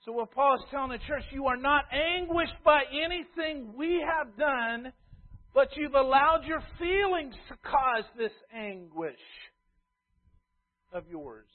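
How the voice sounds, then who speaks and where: High-pitched guy preaching, punchy then soft, sounds like over a phone. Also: animated, takes it slowly, phone-quality sound. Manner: emphatic, swings between loud stress and quiet asides. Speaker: pastor. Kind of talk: sermon.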